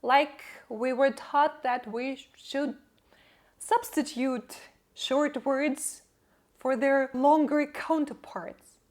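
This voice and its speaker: A young woman, not a native English speaker, telling her language-learning story in an earnest, measured vlog narration. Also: high-pitched, steady tone. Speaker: English-learning channel host. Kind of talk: scripted personal vlog narration.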